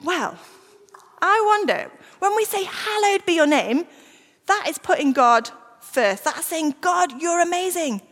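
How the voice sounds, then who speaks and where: A woman giving an all-age talk in church, lively and coaxing the children to join in. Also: very high-pitched, unhurried. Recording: church hall reverb.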